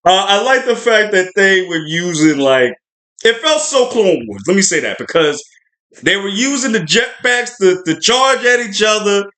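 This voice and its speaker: A man's voice: high voice, big pitch swings, normal speed, pushed and bright. A man hosting a podcast livestream, reviewing a show in a chatty, rambling way with lots of fillers. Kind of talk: casual spoiler review livestream.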